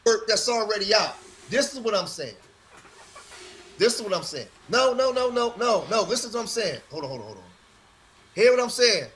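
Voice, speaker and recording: A man's voice: high-pitched, expressive, normal speed, fairly bright tone, a little hiss or hum. A man in a live-stream debate who insists on his point and repeats his phrases.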